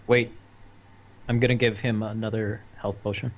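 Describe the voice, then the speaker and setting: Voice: mid-range voice, level tone, moderate pace. A player in a tabletop game, speaking tersely and matter-of-factly. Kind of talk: casual tabletop play.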